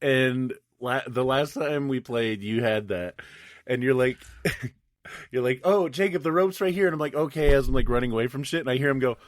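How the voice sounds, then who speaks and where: A man co-hosting a casual gaming podcast, telling stories with plenty of laughter. His voice sits at a middle pitch and the recording is dry and close. He acts out what people said as he goes. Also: steady tone, normal speed, no room sound. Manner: laughing storyteller who acts out quotes. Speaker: podcast co-host. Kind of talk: casual chat, storytelling.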